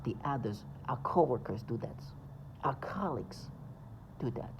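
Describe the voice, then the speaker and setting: Man, mid pitch, gravelly edge. Agitated, insistent vlog monologue with a faint hum behind. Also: animated, measured pace. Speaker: vlogger. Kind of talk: emphatic monologue to camera.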